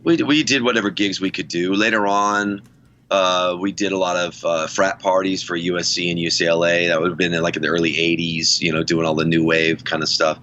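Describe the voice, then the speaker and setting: A man's voice: low-pitched, steady tone, brisk, bright, forceful tone, highs cut off, a little hiss or hum. A middle-aged man from the United States, a musician guest on a podcast, telling long, rambling stories and laughing often. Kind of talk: casual podcast interview.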